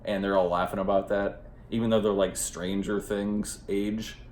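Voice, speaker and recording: Deep-voiced rambling, swearing male reviewer. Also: level tone, normal speed, darkish tone, echoey room, a little hiss or hum. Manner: rambling and profane, heavy on fillers. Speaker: movie reviewer. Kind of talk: casual spoken movie review.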